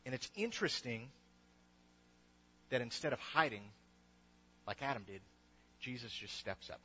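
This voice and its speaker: A man's voice: medium pitch, animated, unhurried, pauses often, bright, forceful tone, breathy edge. A young man preaching a casual, enthusiastic sermon, restarting his sentences often. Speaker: pastor. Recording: dull lo-fi recording.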